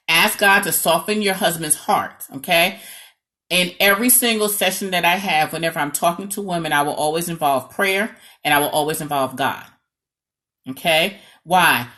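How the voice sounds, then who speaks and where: A woman from New York with a New York accent, talking as a marriage coach in a lively, dramatic, sarcastic way and often checking in with "okay?". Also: on the low side, moderate pace. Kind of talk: direct-to-camera advice talk.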